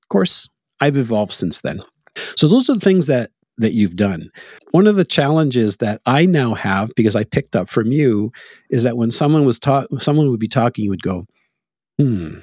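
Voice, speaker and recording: Husky-voiced Canadian man, chatty. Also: mid-range voice, moderate pace, no echo, studio quality. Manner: animated, laughs often, tells anecdotes. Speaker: podcast host. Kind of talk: casual conversation.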